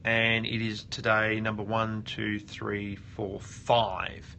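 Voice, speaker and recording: A man's voice: on the low side, completely flat delivery, takes it slowly, creaky, pushed and bright, slight background noise. A man hosting a casual screen-share tutorial, thinking aloud and often restarting his sentences. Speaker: host of a web audit show.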